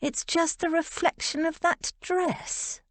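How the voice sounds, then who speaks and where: A woman's voice: very high voice, steady tone, slow pace, fairly bright tone, no echo, pitched above the performer's own voice, exaggerated voice. A woman reading a dry-witted young lady, the bride's friend, with a wry manner in an audiobook.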